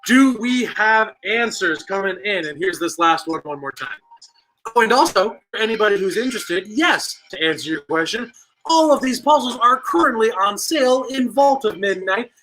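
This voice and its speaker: A man's voice: high-pitched, lively intonation, normal speed, a bit bright, a little hiss or hum, low-quality recording. A young man hosting a livestreamed trivia night, joking around and reading out viewers' guesses. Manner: playful and jokey, rattling off viewer guesses.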